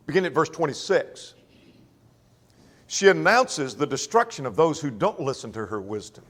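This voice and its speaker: A man's voice: a little high, sing-song, normal speed, a bit bright. A man teaching a Sunday Bible class in a folksy way, often checking that the class follows. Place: church. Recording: long church reverb.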